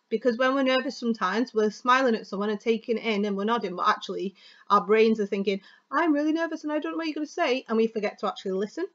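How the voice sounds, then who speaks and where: A woman teacher giving a chatty, fast, expressive lesson on delivering speeches. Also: fairly high pitch, lo-fi sound. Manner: chatty, fast and expressive, stressing words for effect.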